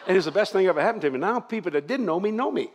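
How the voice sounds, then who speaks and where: A man's voice: high voice, animated, rapid-fire. An older man preaching to a congregation, joking and laughing as he goes. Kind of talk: church sermon.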